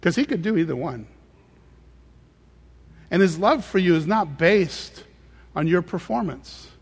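A man's voice: high voice, animated, a little slow, slightly rough. Man preaching a sermon in a hall. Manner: emphatic, repeats phrases for effect. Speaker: pastor. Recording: reverberant hall sound.

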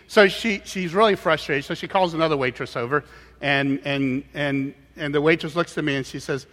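A man preaching a sermon, telling a story in an animated way with frequent halting restarts. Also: fairly high pitch. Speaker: pastor. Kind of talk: sermon with personal anecdote. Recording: hall with long reverb.

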